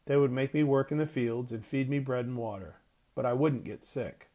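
A man reading a story aloud as narrator, steady and measured. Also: mid-range voice. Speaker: audiobook narrator. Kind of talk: scripted narration.

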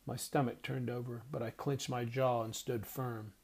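A man narrating an audiobook chapter in a measured, expressive reading voice. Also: medium pitch. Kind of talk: scripted narration.

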